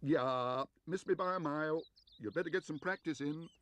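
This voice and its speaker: A man voicing a cheeky, excitable young boy in a storybook reading. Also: fairly high pitch, moderate pace, voice pushed up, natural voice.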